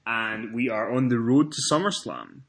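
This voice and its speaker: This podcast host is a Scottish man with a medium-pitched voice and a moderate pace. On his casual wrestling show he spins stories in a chatty way, swearing freely and performing the quotes of the people involved.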